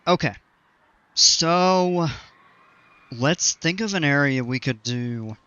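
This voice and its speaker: A man's voice: on the high side, animated, slow, pushed and bright, dry recording, muffled recording. A man giving casual gameplay commentary, rambling and self-mocking with many fillers. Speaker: game channel host.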